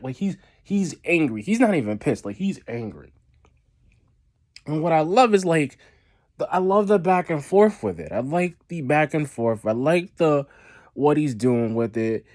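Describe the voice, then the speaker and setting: On his own wrestling review vlog, a man with a fairly high, somewhat mellow voice talks casually at a moderate pace, expressive in tone. He rambles and repeats himself, with plenty of fillers and restarts.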